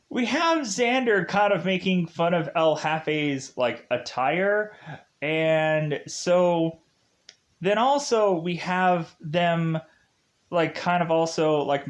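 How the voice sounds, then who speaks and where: A man casually recapping a film's plot in a rambling way, full of fillers and unsure of the names. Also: a little high. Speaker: movie reviewer.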